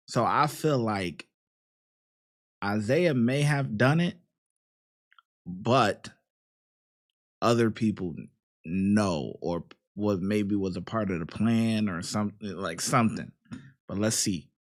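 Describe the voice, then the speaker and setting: A man's voice: fairly low pitch, slow pace, pauses often. A man hosting a live true crime stream, hesitantly thinking aloud about a case.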